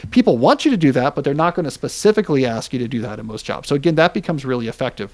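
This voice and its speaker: A man's voice: medium pitch, animated, very fast, hardly any pauses, darkish tone. A man in his forties hosting a podcast, explaining ideas in casual chat with joking asides. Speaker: podcast host.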